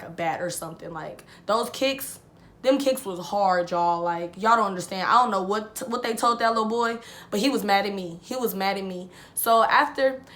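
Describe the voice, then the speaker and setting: A woman's voice: mid-range voice, a bit bright. A young woman vlogger telling a personal story in a chatty way, repeating herself and calling her viewers "y'all". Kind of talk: casual storytelling.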